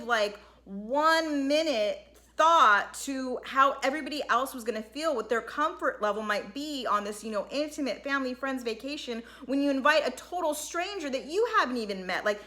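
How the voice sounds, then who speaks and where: A woman with a high, bright voice talks through a reality episode in a loose, rambling commentary. She sounds exasperated with the cast and keeps slipping into quick imitations of what they said. The delivery is chatty and full of filler. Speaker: reality TV recap vlogger. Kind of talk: casual recap commentary.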